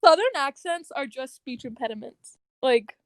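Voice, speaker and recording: Young woman, podcast co-host, high voice, dry recording, animated giggly chat. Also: normal speed, no echo. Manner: animated, giggly, filler-heavy. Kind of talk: casual chat.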